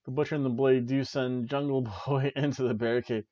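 A man's voice: mid-range voice, fast, mellow, dry recording. A man co-hosting a podcast, casually reviewing a wrestling show in an enthusiastic, rambling way with frequent restarts. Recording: dry, slightly muffled home recording.

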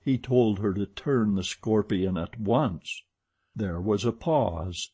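A man narrating an audiobook in a slow, measured reading. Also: on the low side, mellow, breathy edge, lo-fi sound. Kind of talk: scripted narration.

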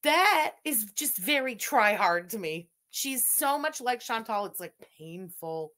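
Montreal english lady roasting a clip, kinda high voice, bouncy and animated. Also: unhurried. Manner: blunt and mocking. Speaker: reaction commentator. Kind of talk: reaction commentary.

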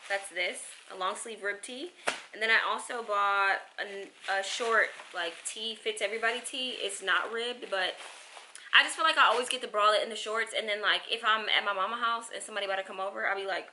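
A young woman vlogger chatting excitedly to her viewers while she unboxes packages at home. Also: medium pitch, a little fast, background noise. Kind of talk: casual unboxing vlog.

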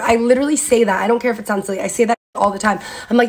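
A young woman giving a candid motivational talk, blunt and expressive, swearing freely and acting out her own self-talk. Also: a little high, fast, few pauses. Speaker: speaker in a reposted clip.

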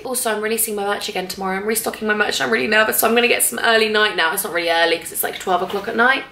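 Bright, gushing young woman vlogger. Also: medium pitch, very fast, hardly any pauses, reverberant. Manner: gushing, excitable, chatty. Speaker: beauty vlogger. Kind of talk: casual vlog chat. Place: hotel room.

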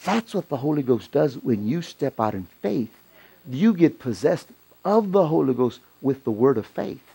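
A middle-aged man preaching a sermon in a church, telling a story and rising to loud, excited peaks. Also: medium pitch, normal speed, creaky, slight background noise. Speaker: pastor.

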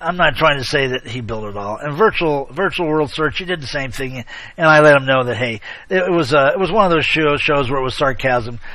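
Chatty male online show host, bright tone. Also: a little high, fairly quick, no room sound. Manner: rambling, chummy, sarcastic asides, frequent shout-outs. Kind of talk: casual chat, rambling commentary.

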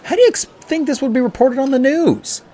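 A man's voice: very high-pitched, brisk, dark tone, voice pushed up. A man voicing a touchy teenage boy who gets defensive and snappish.

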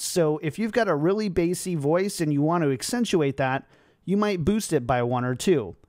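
A man hosting a tech tutorial, giving upbeat, clear explanations at a home streaming setup. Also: on the high side, a little mellow, no echo, studio quality.

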